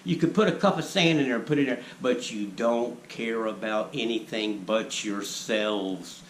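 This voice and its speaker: A man's voice: lowish voice, moderate pace. A man giving a preachy monologue, lecturing the viewers and firing rhetorical questions at them. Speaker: vlogger. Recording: echoey room with faint ambient noise.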